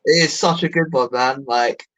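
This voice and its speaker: A British man guesting on a stream, chatting casually in an animated, enthusiastic way with plenty of swearing. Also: medium pitch, moderate pace, poor audio. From United Kingdom. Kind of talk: casual chat.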